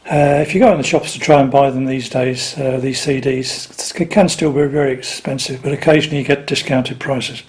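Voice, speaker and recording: A man's voice: mid-range voice, fairly even intonation, fairly quick, hardly any pauses, a little mellow. A man talking casually and unhurriedly to camera about his record collection, with dry little asides.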